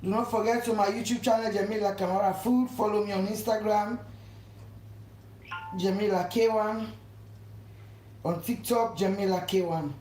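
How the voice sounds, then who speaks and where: A woman with a mid-range, slightly mellow voice hosts a live cooking stream from her home kitchen, speaking at a normal pace with a steady tone and frequent pauses. She talks effusively and repeats herself, urging viewers again and again to subscribe. The room is echoey, with faint household noise in the background.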